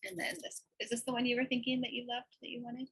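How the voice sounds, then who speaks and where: A woman's voice: a little high, fairly even intonation, fast, fairly bright tone, husky, rough recording. A woman co-hosting a casual chat about cross-stitch, chatty and enthusiastic, laughing often. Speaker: co-host.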